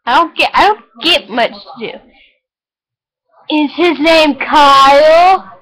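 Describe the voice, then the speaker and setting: A woman chatting casually on a home video, giggly and teasing, breaking into shouts. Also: high voice, slow pace, poor audio.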